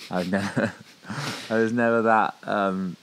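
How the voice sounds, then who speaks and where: Male podcast co-host, lowish voice, meandering casual chat, lots of filler. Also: steady tone, measured pace, a bit bright, slight background noise. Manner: rambling, hesitant, many ums and restarts.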